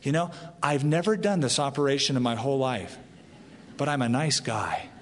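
A preacher doing a meek, untested surgeon. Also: male voice, medium pitch, moderate pace, close to an everyday voice. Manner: meek, apologetic. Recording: long hall reverb.

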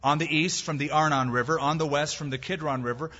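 Guy preaching a sermon, bright husky voice, big echoey hall, kinda muffled. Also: a little high, fairly even intonation, quick pace. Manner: emphatic, with rhetorical questions and biblical quotes. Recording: long hall reverb, dull lo-fi sound.

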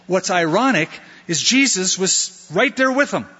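Pastor, male, bright and forceful voice, lively sermon delivery, dull lo-fi sound. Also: high-pitched, unhurried, slightly rough, in a large hall. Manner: conversational, acts out disciples' lines with playful put-on voices. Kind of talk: expository sermon.

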